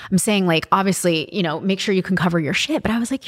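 A woman's voice: mid-range voice, fast talker, no echo, clean studio sound. A young adult woman hosting a podcast, talking candidly and casually with lots of fillers and swearing. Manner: candid, profane, chatty with many fillers. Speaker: podcast host.

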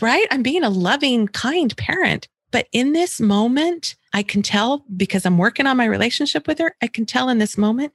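Woman, middle-aged, calm parenting advice, mimics whiny kid lines, dry recording. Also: medium pitch, no room sound. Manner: calm, acts out a child's complaints and soft replies. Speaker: homeschooling parent coach.

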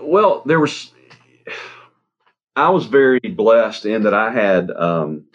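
A man with a very low voice, speaking as an interview guest. He talks in a halting way, pausing on fillers and laughing softly. The recording is dull and lo-fi. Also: very animated, breathy edge. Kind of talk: interview storytelling. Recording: dull lo-fi sound.

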